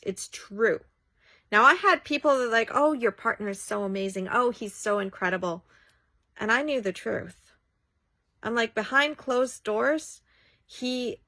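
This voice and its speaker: Bright, emphatic woman vlogger. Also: fairly high pitch, dry recording. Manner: emphatic, acts out quoted friends. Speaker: childbirth educator and coach. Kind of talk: casual talking-head monologue.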